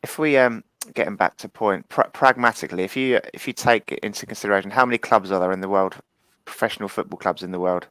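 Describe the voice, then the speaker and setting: A man's voice: on the low side, fast talker, fairly bright tone, dry recording. A man co-hosting a casual football podcast, reasoning things through with lots of tag questions. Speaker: podcast co-host.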